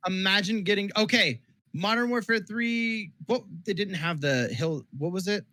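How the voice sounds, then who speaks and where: A man's voice: high voice, animated, moderate pace, bright, forceful tone, no echo. A young man co-hosting a podcast in casual, jokey chat, steering the topics. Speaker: podcast co-host.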